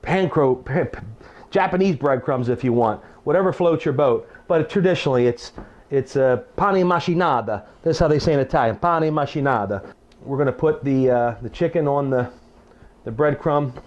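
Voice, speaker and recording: This lo-fi recording features a middle-aged cooking show chef showing how to make a recipe at home. His mid-range, slightly mellow voice keeps a moderate pace, and his folksy chatter is sprinkled with instructive asides and phrases he begins again.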